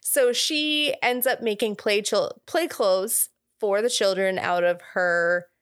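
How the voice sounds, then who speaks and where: A woman's voice: medium pitch, slow, fairly bright tone, smooth, dry recording. Young woman podcast cohost, chatty, laughs a lot, dry close mic. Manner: chatty, laughs often, recaps plot with asides. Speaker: podcast co-host. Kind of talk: casual chat recapping a film.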